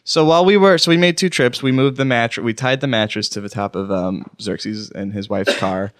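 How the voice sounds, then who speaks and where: A man's voice: medium pitch, fairly quick, a bit bright, dry recording, clean studio sound. A man co-hosting a podcast, telling a long story in casual chat and laughing often. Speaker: podcast co-host.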